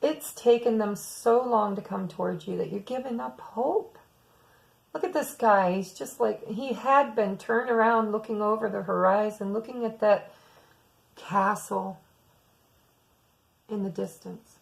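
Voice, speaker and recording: A woman's voice: mid-range voice, unhurried, vocal fry, rough recording. A woman giving a weekly tarot reading, musing aloud and speaking to her viewers as "some of you.". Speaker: tarot reader.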